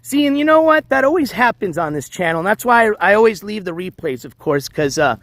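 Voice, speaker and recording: A man hosting a casual walking livestream outdoors, reading the chat aloud, shouting thanks for donations, and losing his voice. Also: sits high, big pitch swings, brisk, no echo. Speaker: livestream host. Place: outdoors on city streets, walking dogs. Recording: faint street noise outdoors.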